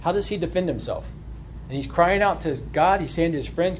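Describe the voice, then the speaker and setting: A man's voice: a little high, expressive, brisk, slight background noise. A man leading a Bible study, explaining informally and often checking in with a rhetorical "right?". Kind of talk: conversational Bible study lesson.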